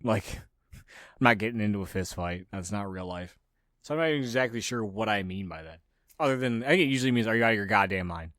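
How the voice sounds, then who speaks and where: Male podcast host, low-pitched, dry close sound, rants and swears freely. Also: expressive, quick pace, fairly bright tone, dry recording. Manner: profane, ranting, mocks others in raised voices. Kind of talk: casual opinionated monologue.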